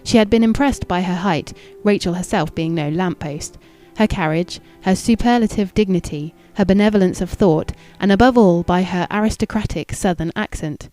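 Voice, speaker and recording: A woman narrating a classic novel in a measured, even and formal reading. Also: on the low side, faint music behind. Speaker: audiobook narrator.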